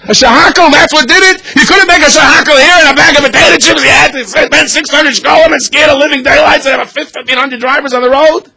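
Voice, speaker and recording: A man voicing an exasperated wife who scolds her husband in disbelief, in a high, raised voice. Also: fast, vocal fry, few pauses, bright, forceful tone, heavily acted. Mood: incredulous. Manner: incredulous, scolding.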